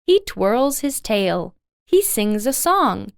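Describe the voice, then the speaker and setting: A woman's voice: fairly high pitch, very animated, slow pace, creaky, clear, resonant tone, dry recording, clean studio sound, heavily acted. A woman voicing a stern fairy-tale king who makes firm pronouncements in a storybook.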